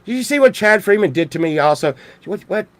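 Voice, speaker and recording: A man's voice: high-pitched, expressive, fairly quick, a bit bright, no echo. A man from Texas, rambling jokily in a casual monologue full of restarts and swearing. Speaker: vlogger.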